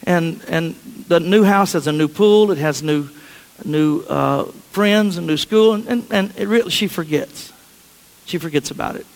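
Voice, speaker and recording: Man preaching, chatty storyteller, pretty high voice, big echoey hall. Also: measured pace, creaky. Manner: chatty, anecdotal, frequent restarts. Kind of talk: sermon storytelling.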